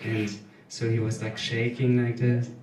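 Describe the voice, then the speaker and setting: A German-accented man in his thirties performs stand-up in a small live venue, speaking very slowly with a halting, deadpan delivery. He sounds somewhat distant from the mic, and the room adds a noticeable echo. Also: mid-range voice. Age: 30s. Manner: hesitant, deadpan, halting with many ums. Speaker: stand-up comedian. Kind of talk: stand-up comedy set.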